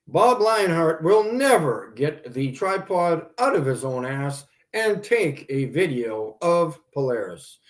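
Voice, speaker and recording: A man hosting a livestream, ranting sarcastically and with exasperation as he answers viewers' comments. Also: on the high side. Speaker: livestream host. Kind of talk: ranting live stream commentary.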